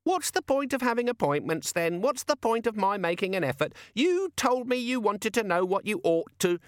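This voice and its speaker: A man's voice: sits high, big pitch swings, moderate pace, dry recording, clean studio sound, pitched above the performer's own voice. A man voicing a tiny fussy imp that lives in a pocket organizer, in a sing-song voice, for a storybook reading. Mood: whiny. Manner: whiny, aggrieved.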